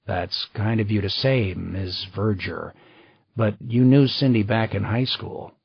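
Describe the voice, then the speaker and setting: Man reading a terse wary detective, low husky voice, dull dry sound. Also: a little slow, no echo, full character voice. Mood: guarded. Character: guarded middle-aged male detective, terse. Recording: slightly dull dry recording.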